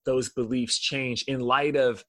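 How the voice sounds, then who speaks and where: A man's voice: medium pitch, steady tone, a little slow, bright, forceful tone, dry recording. A middle-aged man hosting a podcast interview, reflective and affirming as he asks questions. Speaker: podcast host. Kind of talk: casual interview.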